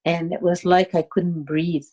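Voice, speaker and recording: A woman telling a personal story in a halting, unhurried way, with many fillers and restarts. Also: on the low side, level tone, dark tone. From Cayuga Nation, Six Nations of the Grand River, Canada.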